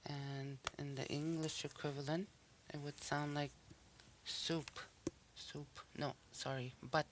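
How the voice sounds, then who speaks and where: A language teacher giving a recorded pronunciation lesson, saying each example word slowly and then repeating it with care. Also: mid-range voice, flat delivery, background noise.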